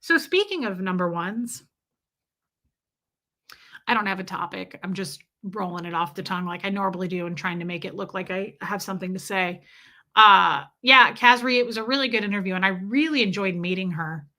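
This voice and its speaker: A woman's voice: medium pitch, moderate pace, pushed and bright. A woman hosting a live stream, chatting casually and answering viewers' comments one by one in an affectionate way. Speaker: livestream host reading chat.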